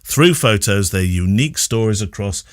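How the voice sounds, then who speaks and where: A man's voice: on the low side, lively intonation, normal speed, no echo, clean studio sound. A British man co-hosting a photography podcast, chatting casually, laughing easily and reading listener mail aloud. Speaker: podcast co-host. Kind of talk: casual chat.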